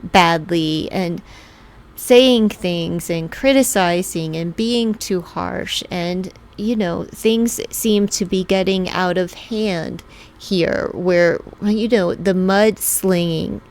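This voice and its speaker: A woman giving a casual tarot reading in a chatty way, laughing often and acting out what people might say. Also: fairly low pitch. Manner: chatty, laughs often, acts out quoted lines; slow, drawn-out talk. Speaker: tarot reader.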